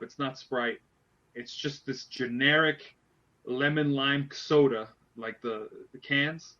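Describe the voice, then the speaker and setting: A man's voice: mid-range voice, sharp tone, muffled recording. A man hosting a casual wrestling podcast, retelling a story animatedly with lots of restarts. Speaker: podcast host.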